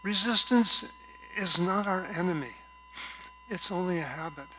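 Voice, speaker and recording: A man preaching a gentle, reflective sermon from a stage at a spiritual center, telling a story and often dropping to a soft voice. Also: high voice, unhurried, slight background noise, rough recording. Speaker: guest speaker at a spiritual center.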